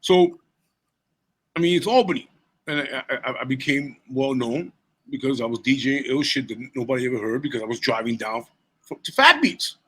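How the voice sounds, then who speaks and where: A man's voice: mid-range voice, moderate pace, slightly rough, low-quality recording. A man in his forties, a rapper and DJ, telling stories in a casual interview, swearing freely and laughing between lines. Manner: profane, animated storyteller who laughs between lines.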